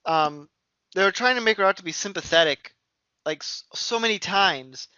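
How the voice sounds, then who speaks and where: A man co-hosting a podcast, chatting casually, opinionated and halting with fillers. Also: high-pitched, sharp tone, clean tone, no echo. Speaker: podcast co-host. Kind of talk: casual chat. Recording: dry, dull lo-fi audio.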